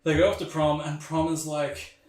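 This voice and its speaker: A man's voice: a little high, little pitch movement, moderate pace, distant mic. A man co-hosting a podcast, recapping a film in casual chat, acting out the characters' lines and laughing often. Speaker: podcast co-host. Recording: echoey room, off-mic.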